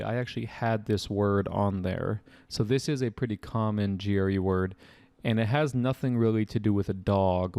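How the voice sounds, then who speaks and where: A young man explaining vocabulary answers as a test-prep tutor, chatty and casual with quick asides. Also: on the low side, darkish tone, dry recording.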